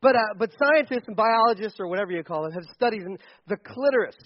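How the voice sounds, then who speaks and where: A man preaching a lively, joking sermon as pastor to a congregation, with frequent restarts. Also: sits high, fast, no room sound, lo-fi sound.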